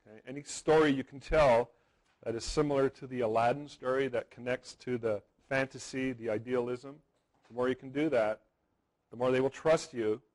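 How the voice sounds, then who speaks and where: A man in his forties with a mid-range, steady, darkish voice presents a live wedding photography seminar at a moderate pace, telling stories, repeating words for emphasis and checking in with "okay?". The recording is low quality.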